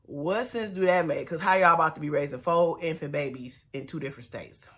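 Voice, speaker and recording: With a low, brisk, slightly bright voice, a woman gives a sassy, chatty recap of a reality TV episode. She keeps it casual and throws slangy asides to her viewers.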